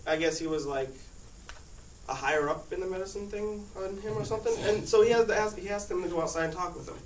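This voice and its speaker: A teenage boy with a high voice and a quick pace tells a rambling, casual personal story to his class, often breaking into laughter. The recording comes from a far-off mic in an echoey room and is noisy.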